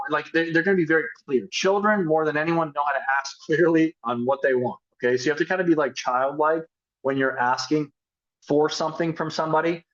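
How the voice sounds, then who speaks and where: A man with a slightly raised pitch speaks in a casual, energetic coaching style, acting out little sample conversations to show how to ask for business. The sound is dull and a bit lo-fi. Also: a little fast. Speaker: network marketing team leader. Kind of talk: motivational sales coaching talk.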